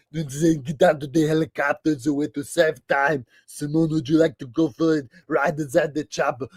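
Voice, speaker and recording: A man's voice: a little high, breathy edge, no room sound. A man doing an impression of a musclebound action star, making stiff, emphatic pronouncements.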